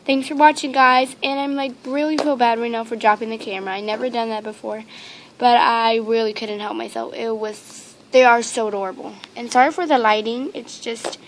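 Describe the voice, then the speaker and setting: A woman with a slightly high voice and fairly even intonation talks a little fast while unboxing toys at home. As a vlogger chatting casually to her handheld camera mic, she rambles and gushes, full of ums and repeated exclamations, with slight background noise.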